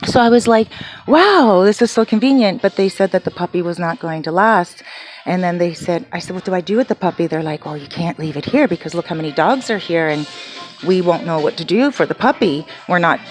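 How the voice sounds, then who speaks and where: A woman vlogger speaks casually from her home by the garden. She retells a sad story with feeling, quoting people and pausing on fillers. Faint music plays behind her. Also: on the low side. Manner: emotional, retelling with quoted dialogue and fillers.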